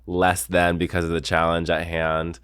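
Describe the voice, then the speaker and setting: A man's voice: deep voice, monotone, moderate pace, a bit bright, clean tone. A man co-hosting a podcast in casual banter. He laughs easily. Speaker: podcast co-host. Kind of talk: casual recap chat.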